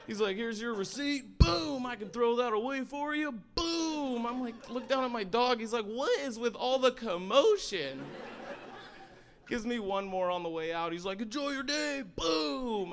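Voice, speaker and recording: A young man with a fairly high voice delivers a stand-up set, animated and building to shouted punchlines. His voice carries a faint bed of room ambience behind it. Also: a little hiss or hum. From Sandpoint, Idaho. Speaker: stand-up comedian. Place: stage in a library event hall.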